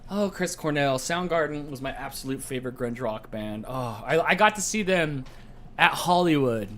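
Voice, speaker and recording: A man's voice: fairly high pitch, lively intonation, normal speed, a bit bright. A man hosting a casual live-streamed trivia game show from home, playful and jokey, easily sidetracked.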